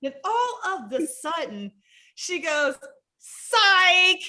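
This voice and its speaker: A woman co-hosting a casual podcast chat, excitable and quick to laugh. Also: high-pitched. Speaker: podcast co-host.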